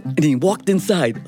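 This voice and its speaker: A woman telling a fractured fairy tale live, playful and chatty with her listeners. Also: low-pitched. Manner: playful, animated, chatty with the audience. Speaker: storyteller. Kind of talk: live storytelling performance.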